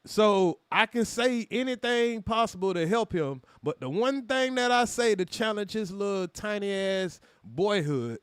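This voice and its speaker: Clean studio audio with no room sound carries a man's high-sitting, clean-toned voice. He runs a reaction channel and talks heatedly at his live chat, cursing freely, posing rhetorical questions, and calling out people in chat.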